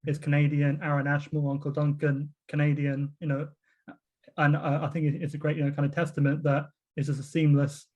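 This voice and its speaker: A man's voice: on the high side, monotone, a little fast, darkish tone. A British man interviewing a guest, asking long rambling questions in a casual way. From Britain. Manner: rambling questions, frequent murmured agreement.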